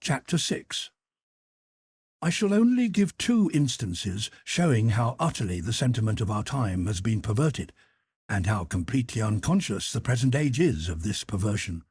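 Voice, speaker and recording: Male audiobook narrator with a husky tone and a dry, close sound. Measured, deliberate essay reading. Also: fairly low pitch, very animated, darkish tone, no room sound. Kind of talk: scripted narration of a philosophical essay.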